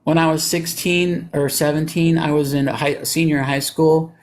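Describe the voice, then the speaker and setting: A man with a fairly high voice speaks up for his faith on a call-in debate. He is earnest and insistent, often quoting scripture. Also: fairly even intonation, moderate pace. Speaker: Christian debater.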